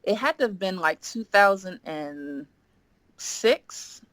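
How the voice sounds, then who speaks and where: A woman guest on a podcast telling a story in animated chat, often acting out what she and others said. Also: mid-range voice, slow, no echo. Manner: lively, quotes herself and others in acted voices, frequent "like".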